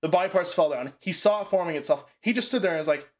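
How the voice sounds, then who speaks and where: Man, somewhat high voice, rambling, casual swearing, lots of "like", relaxed chat about a movie. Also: fast.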